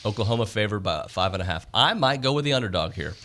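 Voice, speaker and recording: Man, sports radio co-host, lowish voice, easygoing matter-of-fact picks. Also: expressive, fast, pushed and bright. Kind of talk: casual sports talk radio.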